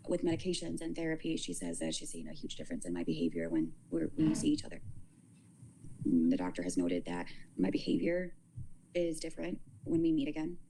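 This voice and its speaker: A woman talking casually on a livestream, rambling and halting, often repeating her words as she restarts. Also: sits low, warm tone, slight background noise, poor audio.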